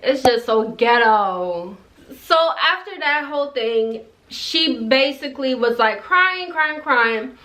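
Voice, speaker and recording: A woman's voice: on the high side, lively intonation, takes it slowly, bright, forceful tone. A young woman who moved to the US, chatting through a storytime, rambling and laughing as she goes. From immigrant to the US. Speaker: storytime vlogger. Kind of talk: casual storytelling.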